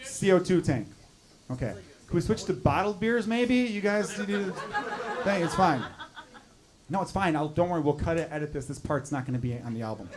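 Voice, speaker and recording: A man's voice: a little high, animated, brisk, noisy background. A man doing stand-up comedy on a club stage, riffing loosely and profanely on a live interruption. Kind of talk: stand-up crowd work. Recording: live club recording with crowd laughter. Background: audience laughter.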